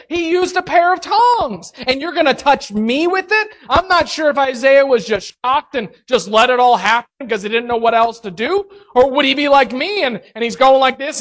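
Slow, animated woman preaching a sermon. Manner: animated, acts out reactions with big pitch swings.

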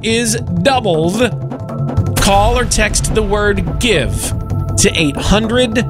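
A man hosting an on-air fundraiser, talking fast and excitedly in sing-song appeals. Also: high voice. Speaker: radio fundraiser host. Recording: music bed under the voice.

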